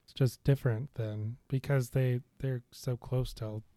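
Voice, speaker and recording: A man's voice: medium pitch, steady tone, moderate pace, mellow. A man guest on a podcast, explaining things in a casual chat and hedging his points.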